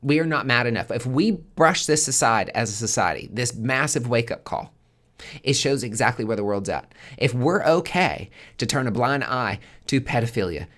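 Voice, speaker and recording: A man's voice: medium pitch, expressive, normal speed, a bit bright. A man hosting a monthly tarot forecast in a casual spoken monologue, swearing constantly and driving his points home with emphatic repetition.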